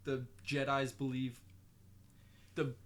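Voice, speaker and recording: A man's voice: mid-range voice, level tone, slow, a little hiss or hum. A young man in casual podcast chat, rambling and profane, with lots of fillers. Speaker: podcast co-host.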